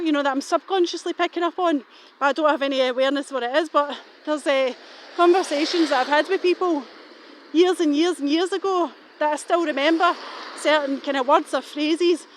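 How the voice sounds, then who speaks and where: Woman, middle-aged, high voice, rambling and suspicious, filmed while out walking. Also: a little hiss or hum. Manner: rambling, suspicious, swears casually. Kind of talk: rambling walking vlog monologue. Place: outdoors, walking.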